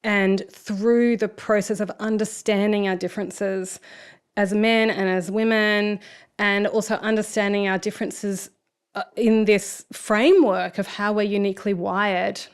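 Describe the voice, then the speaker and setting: An Australian woman in her forties talks as a podcast guest. She tells stories frankly in casual conversation and swears without holding back. Her voice sits at an ordinary middle pitch for a woman. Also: level tone, measured pace, clean tone. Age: 40s. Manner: frank storytelling with frequent swearing. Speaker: podcast guest, speaker and coach.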